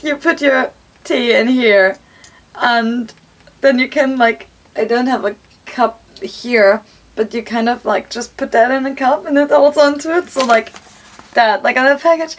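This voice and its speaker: A young woman with a high voice chats through a casual unboxing vlog, unhurried in her delivery. She gushes freely and swears often. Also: slight background noise. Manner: gushing, excitable, swears often. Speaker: vlogger.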